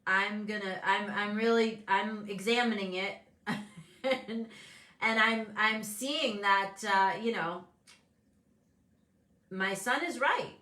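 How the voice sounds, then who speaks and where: A woman's voice: medium pitch, takes it slowly, pauses often, bright, forceful tone, roomy sound. A woman hosting a casual motivational talk show, speaking candidly and animatedly, acting out the voices of people she quotes. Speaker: host and business coach.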